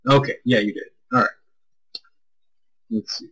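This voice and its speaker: A man with a husky, breathy tone chats casually while co-hosting a live stream. He rambles loosely through chat questions and swears freely, at an even middle pitch. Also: a little slow, long pauses, poor audio. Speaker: stream co-host answering chat.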